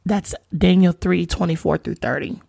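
Expressive woman hosting a faith podcast. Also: lowish voice, moderate pace, creaky, dry recording. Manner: expressive, slangy asides with emphatic repetition. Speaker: podcast host. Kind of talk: casual faith podcast, reading and retelling scripture.

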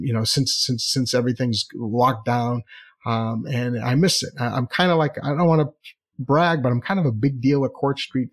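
Guy telling a story about his own life, chatty and animated, lots of asides, middle pitch. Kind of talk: first-person storytelling.

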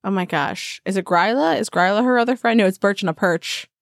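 A woman's voice: medium pitch, brisk, no room sound. Woman, casual podcast co-host, giggly and playful, dry close mic. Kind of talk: casual chat.

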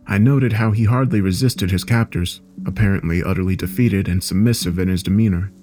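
A man giving a measured, dark horror story narration. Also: low voice, soft background music.

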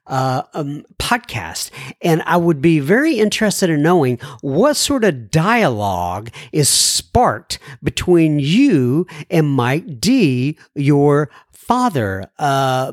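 A man's voice: on the high side, no room sound, studio quality. A man hosting a podcast, reading listener feedback and musing aloud in a casual, rambling way with chuckles and restarts. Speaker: podcast host.

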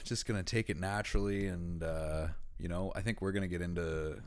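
Laid-back young man with low voice. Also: fairly even intonation, brisk, hardly any pauses. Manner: laid-back, sheepish, a little stoned. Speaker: podcast guest, new member. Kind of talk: casual chat.

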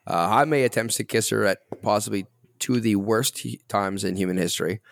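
A deep, gravelly man leads a casual movie podcast, wry as he poses questions. The sound is dry and close, with little room. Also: a little fast, no echo. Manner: wry, asks questions and moves the show along. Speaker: podcast host.

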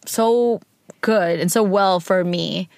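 Co-host, female, low-ish voice, expressive and candid, dry close sound. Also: slow pace, vocal fry, dry recording. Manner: expressive and candid, acts out her own outbursts. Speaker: podcast co-host talking with her partner. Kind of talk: casual chat.

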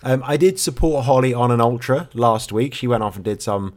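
A man co-hosting a podcast, telling a story with dry, deadpan humour in a relaxed, rambling way. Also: mid-range voice, a little fast. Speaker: podcast co-host. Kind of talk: casual chat.

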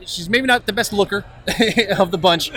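A man's voice: high voice, normal speed, sharp tone. A man co-hosting a podcast live at a comic convention, chatting casually, joking, laughing and swearing. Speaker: podcast co-host. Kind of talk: casual chat, reviewing and drafting.

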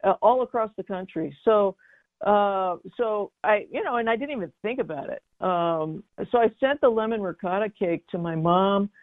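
A woman's voice: mid-range voice, moderate pace, no room sound. A middle-aged woman telling a personal story as an interview guest, chatty, with many fillers and restarts. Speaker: guest, baking mix business founder. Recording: dry, tinny phone-like line.

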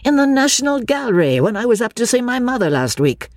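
A woman voicing a charming, teasing young English gentleman with an arch, mock-grand manner. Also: a little high, very animated, fast talker, dry recording, voice pushed up.

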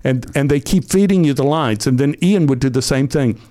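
Older male actor guest, storyteller, acts out quotes, medium pitch. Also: fairly quick. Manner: animated, acts out quoted voices. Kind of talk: anecdotal storytelling.

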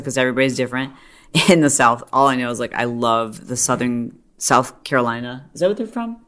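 A middle-aged woman hosting a podcast, talking in a chatty, animated way full of "like" and quick asides. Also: very deep voice. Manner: chatty, animated storytelling with frequent "like". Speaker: podcast host. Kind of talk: casual monologue.

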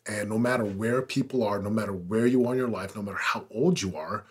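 Fairly low and husky, his voice runs a little fast as this man in his forties, a podcast guest, tells his story in conversation. His delivery is earnest and emphatic, swelling with intensity.

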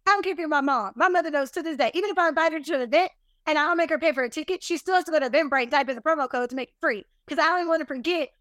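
High-voiced animated businesswoman. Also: racing, no room sound, clean studio sound. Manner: animated, emphatic, self-deprecating. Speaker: podcast guest, business owner. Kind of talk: casual interview storytelling.

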